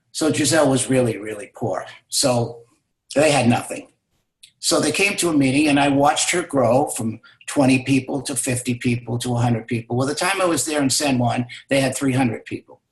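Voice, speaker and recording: A man's voice: mid-range voice, normal speed. Emphatic man telling a motivational story. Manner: emphatic, repetitive for stress. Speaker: guest, business mentor. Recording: roomy echo.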